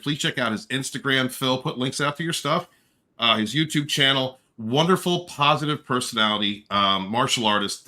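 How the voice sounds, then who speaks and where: An effusive male livestream host with a bright, energetic voice. He chats casually, greets viewers by name and teases them playfully. His middle-range pitch stays friendly and direct. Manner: effusive, affectionate shout-outs to chat viewers; playful flirting and joking.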